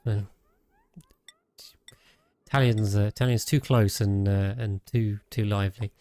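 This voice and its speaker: A man's voice: lowish voice, steady tone, unhurried, a little mellow. A man streaming a game, thinking aloud in casual commentary with frequent restarts and trailing sentences.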